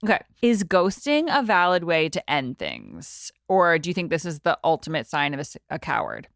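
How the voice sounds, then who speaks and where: A woman's voice: sits low, wildly swooping pitch, normal speed, vocal fry, dry recording, studio quality. A woman hosting a podcast, chatting casually with lots of filler words. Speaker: podcast host. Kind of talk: casual chat.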